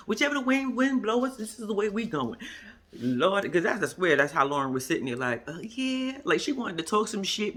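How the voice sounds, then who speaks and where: A woman's voice: medium pitch, very animated, a little fast, a bit bright. A woman giving a casual, sassy spoken recap of a reality TV episode as a vlogger. She acts out what other people said and drops into whispered asides.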